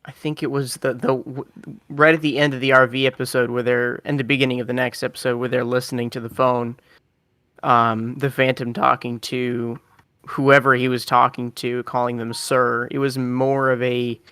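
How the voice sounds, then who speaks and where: Man, co-host, gravelly and halting, searches for words; dry close sound. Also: medium pitch, level tone, pushed and bright, no echo. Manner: hesitant, searching for words with many restarts. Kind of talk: casual group chat.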